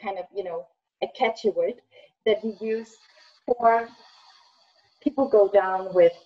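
A woman's voice: mid-range voice, measured pace, slightly rough. A woman with a Danish accent coaching pronunciation over a video call, laughing often and explaining patiently. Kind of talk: casual video call chat. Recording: dull lo-fi video call audio.

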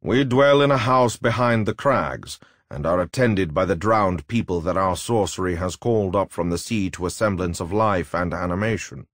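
A man reading aloud and voicing a sinister older male necromancer who speaks slowly and gravely in a storybook tale. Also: low voice, no echo, clean studio sound, lightly acted.

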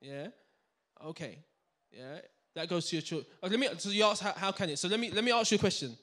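A man giving a live finance seminar to a room audience, energetic and full of banter, quizzing the crowd. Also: high-pitched, fast. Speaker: seminar speaker.

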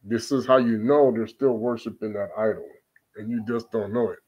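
A man preaching on scripture. He reads archaic passages aloud slowly, then breaks off to comment emphatically and fire off rhetorical questions. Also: fairly low pitch, steady tone, husky, lo-fi sound. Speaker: religious teacher.

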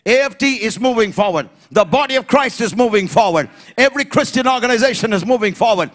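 A man preaching an emphatic sermon in church, building to shouted refrains and calling on the congregation to repeat after him. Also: very high-pitched, lively intonation, fast. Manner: emphatic preaching, rising to shouts, call-and-response. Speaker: pastor.

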